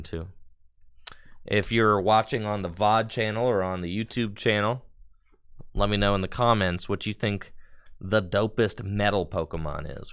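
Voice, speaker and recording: A casual streamer man talks his way through opening card packs, loose and slangy, with bursts of enthusiasm. His voice sits slightly low but rings bright and crisp. He chats easily with his viewers throughout. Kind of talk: casual live-stream chat.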